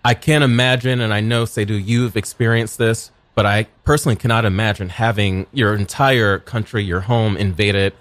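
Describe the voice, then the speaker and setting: A man with a lowish voice eases a podcast chat along in a laid-back, earnest way. His sound is dry and close to the mic, and he laughs often as he talks. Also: fairly even intonation, moderate pace, few pauses, dry recording. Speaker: guest moderator.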